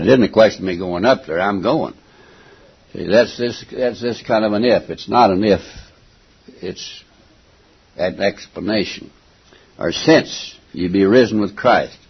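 An older man preaches a folksy, emphatic sermon in a low, gravelly voice with a husky edge. He clears his throat often and goes back over his words. The recording sounds dull and lo-fi. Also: measured pace, pauses often.

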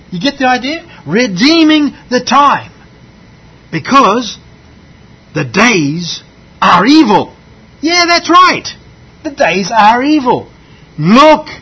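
A male preacher with a husky, slightly breathy voice, pitched fairly high for a man. He works slowly through scripture, leaning on key phrases and repeating them to drive them home. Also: fairly bright tone, poor audio. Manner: deliberate, emphatic repetition of key phrases. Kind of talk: sermon teaching from scripture.

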